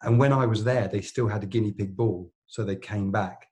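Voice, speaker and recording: Low-voiced man telling rambling anecdotes. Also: brisk, a little mellow. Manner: rambling, anecdotal, frequent restarts and fillers. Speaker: plastic surgeon, podcast co-host. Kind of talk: casual storytelling chat.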